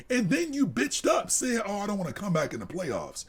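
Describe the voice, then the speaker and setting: A man co-hosting a live sports podcast, delivering a heated, profane rant that drops to low mutters and climbs to shouts. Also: huge pitch swings, brisk, husky. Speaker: podcast co-host.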